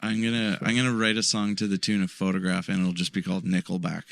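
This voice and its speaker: A man's voice: deep voice, little pitch movement, fast, creaky, fairly bright tone, no room sound. A man chatting as a podcast guest musician, cracking jokes and riffing on wordplay. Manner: joking, riffs on wordplay. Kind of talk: casual podcast chat. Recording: dry studio sound.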